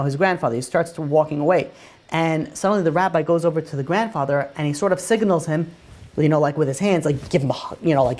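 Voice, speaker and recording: A man's voice: a little high, a little mellow. A man, a rabbi, telling a story in a casual way, full of "you know" and "like" fillers. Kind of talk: oral storytelling.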